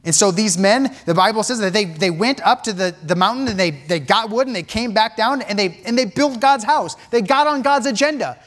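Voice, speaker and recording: A man's voice: sits high, expressive, brisk, few pauses, fairly bright tone. A man preaching a sermon in a church, impassioned, with repeated phrases and many restarts. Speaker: pastor.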